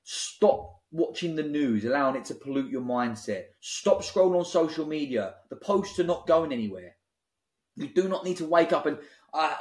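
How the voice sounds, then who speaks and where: Blunt man, echoey room. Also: medium pitch. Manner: blunt, forceful, preachy motivational talk. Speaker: app founder guest. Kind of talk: podcast interview. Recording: roomy echo.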